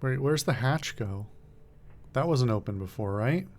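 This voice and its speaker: A man streaming a game, reading its text aloud and thinking out loud in a casual way, stumbling now and then over words. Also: medium pitch, animated, unhurried.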